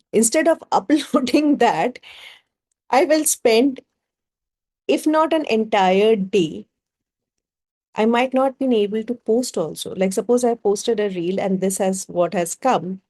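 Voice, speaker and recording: A woman with a Bengali-inflected Indian English accent facilitates a group workshop, working through ideas by posing rhetorical questions. Her mid-range voice is warm and unhurried.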